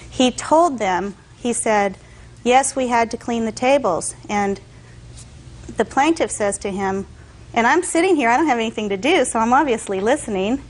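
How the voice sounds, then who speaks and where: A woman's voice: medium pitch, low-quality recording. A woman testifying as a defendant in court, telling her side in long detailed stories and acting out what others said.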